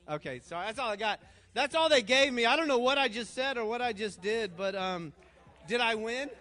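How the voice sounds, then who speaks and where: A man's voice: very high-pitched, animated, a little fast, pushed and bright. An older man leading a youth group game, reading slang terms aloud, stumbling over them and laughing at himself. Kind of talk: playful group game in front of students.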